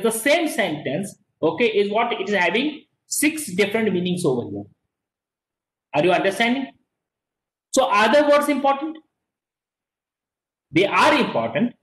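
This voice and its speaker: A man's voice: high-pitched, a bit bright, reverberant, rough recording. A middle-aged man with an Indian English accent teaching an online class, repeating and stressing key words and slipping into Hindi.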